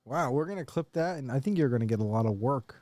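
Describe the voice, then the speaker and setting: A man's voice: medium pitch, expressive, fast talker, dark tone, no room sound. A man co-hosting a podcast, casually playing along with his friend's jokes. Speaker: podcast co-host. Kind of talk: casual chat.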